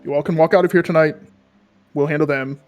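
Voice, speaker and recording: A man doing a gruff, weary old marshal. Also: a little high, steady tone, fast, a little mellow, faint music behind, close to an everyday voice. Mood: stern. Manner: firm, curt, patronizing. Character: gruff, weary older male town marshal.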